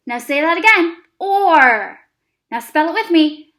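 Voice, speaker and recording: A woman teaching an early reading lesson to young children, speaking slowly and encouragingly with plenty of praise. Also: high voice, lively intonation, pushed and bright, roomy sound. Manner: slow, exaggerated, encouraging teacher talk with praise.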